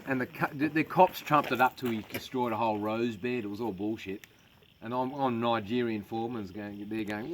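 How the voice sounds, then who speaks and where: A man's voice: lowish voice, brisk, fairly bright tone, a little hiss or hum. A man with an Australian accent, a comedian telling crude stories in casual chat on a farm, swearing constantly. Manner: crude, swearing yarn-spinner. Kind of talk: casual storytelling. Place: outdoors on a farm.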